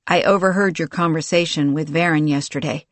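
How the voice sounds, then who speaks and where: A man's voice: on the high side, steady tone, a little fast, dry recording, close to an everyday voice. A narrator playing a wry, ironic male arbiter from an audiobook, sounding mock-innocent and dry. His lines are lifted a little and the sound is close and dry.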